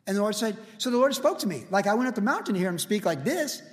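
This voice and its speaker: A man's voice: high voice, very animated, quick pace, few pauses, in a large hall. A man in his sixties preaching a verse-by-verse sermon as a pastor, telling stories in a casual way with lots of "like" and "you know". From United States. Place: church.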